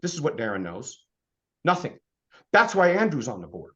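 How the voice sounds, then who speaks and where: A man in his fifties giving an energetic motivational business presentation as a sales trainer, firing off rhetorical questions. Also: on the high side, normal speed, lo-fi sound. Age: 50s.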